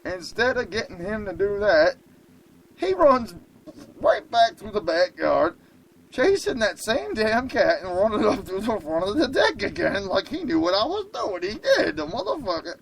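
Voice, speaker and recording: A man hosting a radio show, telling a comic story in an excitable, profane way. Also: high-pitched, normal speed, gravelly, slight background noise, low-quality recording.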